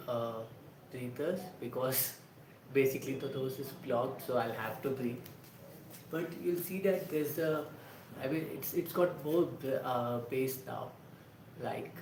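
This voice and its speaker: A man, an actor casually talking a livestream through voice exercises in loose, halting sentences full of restarts. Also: medium pitch, background noise. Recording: roomy echo with faint ambience.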